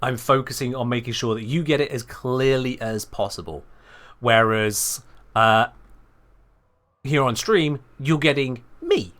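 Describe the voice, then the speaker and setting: A British man streaming a game, giving chatty, animated live commentary. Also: medium pitch, a little slow. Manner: chatty, animated, self-correcting.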